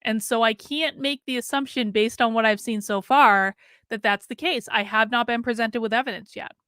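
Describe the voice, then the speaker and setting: A woman hosting a reaction video, pausing the clip to give measured, emphatic commentary and repeating points for stress. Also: on the high side, fairly bright tone, clean tone, no echo, clean studio sound.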